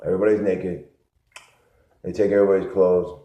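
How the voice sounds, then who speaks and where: Low voiced guy from connecticut rambling on and on, muffled lo-fi sound. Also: flat delivery, brisk. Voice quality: rambling, repetitive, low-key storytelling. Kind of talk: rambling monologue. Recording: echoey, muffled lo-fi room sound.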